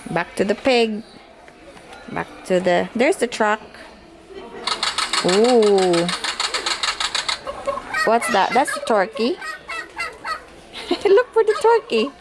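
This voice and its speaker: A woman showing a baby a sound book, speaking in a gentle sing-song and imitating animal noises. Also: on the high side, big pitch swings, takes it slowly, pauses often, noisy background. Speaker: caregiver playing with a baby.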